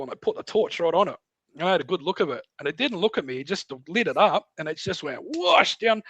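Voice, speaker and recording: Australian man, middle-aged, podcast guest, casual storytelling, acts out voices, fairly high-pitched, dry mic. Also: dry recording. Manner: animated, acts out voices and sounds in his tale.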